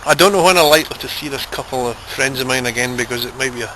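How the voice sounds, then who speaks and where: A man's voice: mid-range voice, fast, sharp tone, rough recording. A Scottish man in his forties narrating a casual travel vlog outdoors with chatty, teasing humour. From Scotland. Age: 40s. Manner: jokey, chatty, teasing banter. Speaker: vlogger. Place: outdoors in a city and a large grassy garden. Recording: outdoor camcorder audio with clear background noise.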